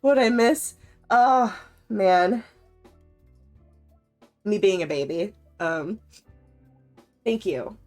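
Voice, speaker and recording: A woman's voice: mid-range voice, lively intonation, very slow, pauses often, darkish tone, faint music behind. A woman game streamer chatting casually to her viewers, emotional and stammering, often laughing as she talks. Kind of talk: casual live-stream chat.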